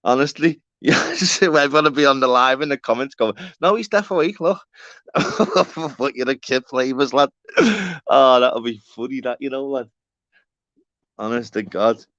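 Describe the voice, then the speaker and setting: A man's voice: mid-range voice, fairly even intonation, normal speed, fairly bright tone, no echo, lo-fi sound. A man from Liverpool with a Scouse accent, hosting a rambling, casual live stream, swearing and calling his viewers by name. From Walton, Liverpool, England.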